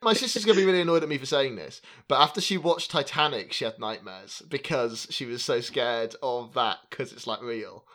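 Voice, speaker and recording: A man from England chatting on a podcast as host, joking and laughing often with quick asides. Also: medium pitch, expressive, a bit bright. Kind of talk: casual chat.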